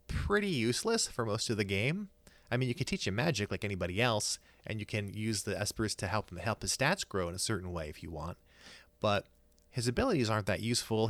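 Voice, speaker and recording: A man's voice: fairly low pitch, a bit bright, dry recording. A man co-hosting a podcast, talking casually and enthusiastically, rambling with many fillers and restarts. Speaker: podcast co-host.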